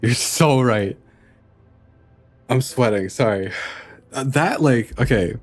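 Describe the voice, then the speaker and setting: A male streamer reacting to a game, excitable and amped up, swearing and stumbling over his words. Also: mid-range voice, takes it slowly, no echo.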